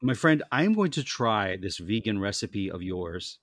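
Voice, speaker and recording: A man co-hosting a podcast, chatting playfully with quick comebacks. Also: on the low side, very animated, fairly bright tone, dry recording, studio quality. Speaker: podcast co-host. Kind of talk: casual chat.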